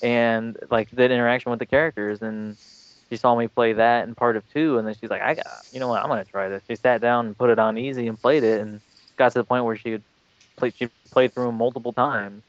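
A man's voice: medium pitch, little pitch movement, brisk, dry recording. Man, podcast co-host, casual rambling chat, thoughtful, dull lo-fi dry recording. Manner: thoughtful, rambling with many fillers.

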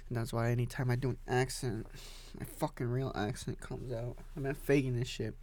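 A man hosting an unscripted solo podcast, rambling crudely and cursing, with loud sudden outbursts. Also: mid-range voice, fairly even intonation, fairly quick, slight background noise. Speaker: podcast host.

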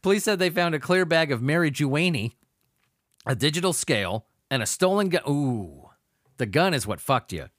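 A man's voice: a little high, very animated, normal speed, a bit bright, no echo, studio quality. A man hosting a podcast, reading crime news aloud and ranting about it in a crude, laughing, profane way. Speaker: podcast host. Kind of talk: profane comedic news commentary.

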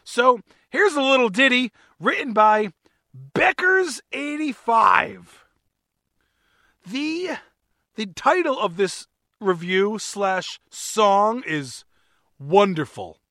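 Male solo podcast host: upbeat and jokey, bright, dry-sounding voice. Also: sits high, animated, slow, dry recording. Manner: upbeat, jokey, self-mocking.

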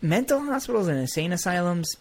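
A man's voice: high-pitched, very animated, brisk. Joking, foul-mouthed podcast guy. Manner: joking, swearing, hot takes. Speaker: podcast co-host. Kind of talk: casual chat.

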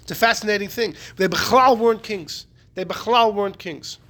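A man teaching a Talmudic class, animated and repeating his key points. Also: high-pitched, brisk. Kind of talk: Talmudic lecture.

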